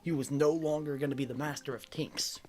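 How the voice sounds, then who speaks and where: A man streaming a video game who chats casually and jokes with his chat in an animated, rambling way. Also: a little high, fairly quick, soft background music.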